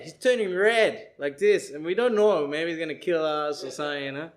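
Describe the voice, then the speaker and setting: A man giving a lecture, telling an animated story and acting out the people in it. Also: on the high side, brisk. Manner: animated, acts out people he describes and sings chants.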